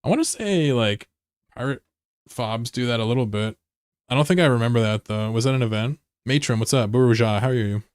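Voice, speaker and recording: A man's voice: medium pitch, a little fast, smooth, no echo, studio quality. A man from the United States rambling and joking casually as he chats with his live-stream viewers. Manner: joking, rambling, answers chat messages.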